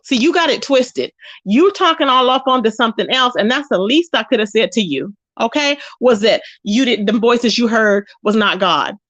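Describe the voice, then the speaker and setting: A woman hosting an online commentary show, ranting in a sassy, confrontational way with drawn-out emphatic phrases. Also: a little high, expressive, a bit bright, dry recording. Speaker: YouTube commentary host. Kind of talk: casual commentary rant. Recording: dull, lo-fi, dry.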